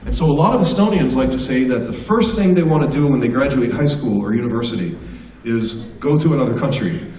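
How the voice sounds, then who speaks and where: A man's voice: mid-range voice, animated, brisk, hardly any pauses, darkish tone, echoey room, distant mic, low-quality recording. An American man, a stand-up comedian, giving a casual, joking talk to students at a school assembly. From United States. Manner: joking, anecdotal, conversational. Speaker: guest speaker, stand-up comedian. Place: school hall.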